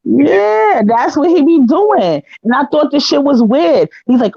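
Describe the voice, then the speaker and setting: A woman's voice: high-pitched, fairly quick, few pauses, no room sound. A woman talks in a heated, casual way on an online panel, blunt and profane, acting out what others said. Her voice is dry and close, with a slightly dull, lo-fi sound from her living room setup. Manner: blunt, profane, animated storytelling. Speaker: panel guest. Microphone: home setup, living room.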